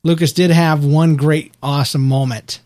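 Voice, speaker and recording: A man co-hosting a casual show recap podcast, talking in a rambling, animated way with frequent restarts. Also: a little high, moderate pace. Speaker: podcast co-host.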